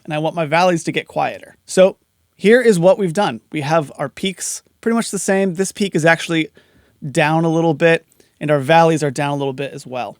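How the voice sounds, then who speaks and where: A man's voice: on the high side, no room sound, studio quality. A man teaching audio compression in a casual, step-by-step tutorial, talking through each setting as he goes. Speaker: audio mixing instructor. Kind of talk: screen-recorded tutorial explanation.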